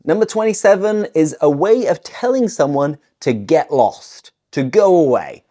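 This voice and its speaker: A woman from the north of England with a Northern English accent, teaching English phrases in a clear, deliberate way. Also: low-pitched, expressive, warm tone. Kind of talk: scripted language lesson.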